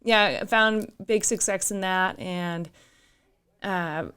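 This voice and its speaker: A woman's voice: medium pitch, takes it slowly, sharp tone, clear, resonant tone. A woman in her thirties from northern Minnesota with a Minnesotan accent, a guest telling her story in a laughing, open way in a studio. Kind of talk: casual interview chat. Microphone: studio microphone.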